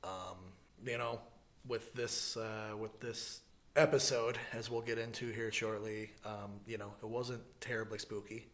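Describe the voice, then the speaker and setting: A man's voice: lowish voice, fairly even intonation, measured pace. A man from the American Midwest co-hosting a podcast, chatting casually with a joking, laid-back manner and lots of fillers. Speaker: podcast co-host. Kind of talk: casual chat.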